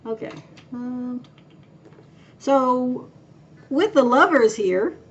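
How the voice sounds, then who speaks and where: A woman's voice: sits high, lively intonation, extremely slow. Rambling woman tarot reader, dull audio. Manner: rambling, thinks aloud with many fillers. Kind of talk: casual pick-a-card reading.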